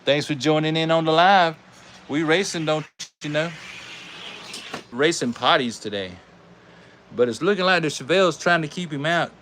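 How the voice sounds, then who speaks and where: A man with a Southern American accent hosts a live stream and calls toy car races in a folksy, animated way, chatting with his viewers. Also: on the high side, normal speed, pauses often, a little hiss or hum. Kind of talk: live race commentary.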